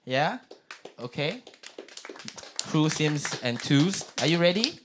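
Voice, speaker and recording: Over background noise, a young open mic host with a Singaporean English accent speaks slowly, his fairly high voice swinging widely in pitch. His stand-up comedy hosting is chatty and self-deprecating.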